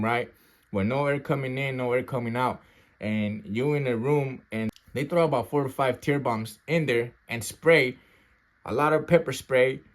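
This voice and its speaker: Slangy man telling a street story. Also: mid-range voice. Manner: slangy, street talk, keeps checking in with "right?" and "bro"; acts out sounds and gasps while telling. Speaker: storyteller recounting his youth custody experience. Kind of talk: casual storytelling to camera.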